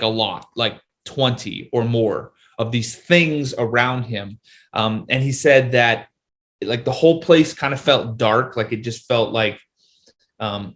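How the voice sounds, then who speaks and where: A man's voice: mid-range voice, a bit bright. Rambling man telling a ghost story. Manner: rambling, many fillers and restarts. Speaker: guest, paranormal content creator. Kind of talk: casual storytelling in an interview.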